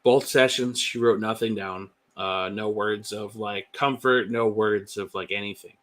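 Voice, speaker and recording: A man's voice: fairly low pitch, steady tone, a little slow, fairly bright tone. A man telling his own story as a podcast guest, candid and chatty with many fillers. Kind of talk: personal testimony.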